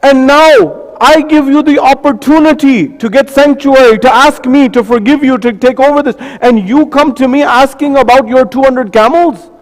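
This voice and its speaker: An imperious conqueror, put on by a male preacher: raised, deliberate and emphatic, in a reverberant hall. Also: extremely high pitch, very animated, a little mellow, voice pushed up, exaggerated voice. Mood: scornful. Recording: long reverb of a mosque hall.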